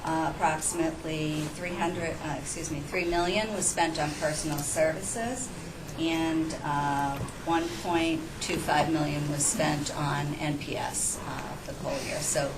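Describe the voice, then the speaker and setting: A woman gives a financial report at a meeting, pausing hesitantly with frequent uhs. Her voice is very low for a woman. The recording is roomy and echoey, and loud noise sits underneath. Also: fairly even intonation. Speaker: director of administration. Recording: echoey noisy room recording.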